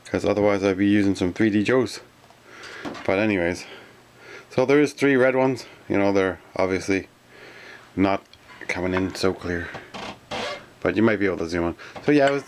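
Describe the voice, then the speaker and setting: A man from Canada chatting casually in a toy collector vlog, rambling and grumbling, sometimes whispering names in a drawn-out way. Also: fairly low pitch, a little hiss or hum. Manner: rambling and complaining, with stretched-out whispered echoes of names. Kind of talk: casual toy review chat.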